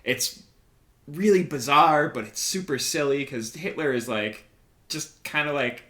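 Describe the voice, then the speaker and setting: A man's voice: a little high, unhurried, bright, forceful tone. A young man co-hosting a casual podcast chat, talking earnestly with many "like"s. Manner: earnest, lots of "like" and "um" fillers. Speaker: podcast co-host.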